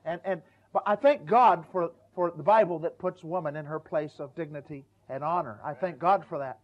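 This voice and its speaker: High-voiced man preaching a folksy sermon. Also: normal speed. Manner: folksy, repeats words, acts out quoted voices. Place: church. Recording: dull lo-fi church recording.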